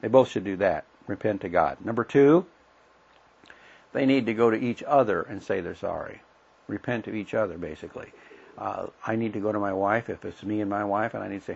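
A middle-aged man leads a Bible study in a folksy, plain-spoken way, acting out little conversations as he goes. His low voice is gravelly and husky. The recording sounds dull and lo-fi. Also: moderate pace, darkish tone. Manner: folksy, plain-spoken, acts out everyday dialogue. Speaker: Bible teacher.

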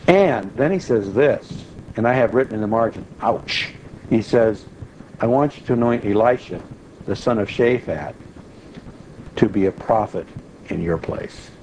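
A man's voice: fairly low pitch, lively intonation, measured pace, a little mellow, a little hiss or hum, poor audio. A man teaching an informal Bible study in a loose, conversational way, with frequent restarts and asides.

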